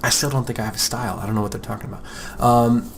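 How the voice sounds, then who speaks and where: A man's voice: mid-range voice, steady tone, racing, slight background noise. A young American man talks casually about art and his name as an art podcast host, rambling and joking, often acting out other people's voices. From United States. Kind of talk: casual talk while drawing.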